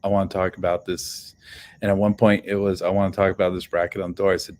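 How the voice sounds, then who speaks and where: A man's voice: low voice, level tone, quick pace, darkish tone. Profane man rambling on a livestream. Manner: profane, heated storytelling; loose and rambling, many restarts. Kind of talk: casual livestream storytelling. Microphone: phone on livestream.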